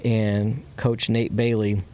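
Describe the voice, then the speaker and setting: A man's voice: fairly low pitch, flat delivery, slow, warm tone, clear, resonant tone. A man candidly telling a personal story as a podcast guest. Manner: candid, acts out quoted voices.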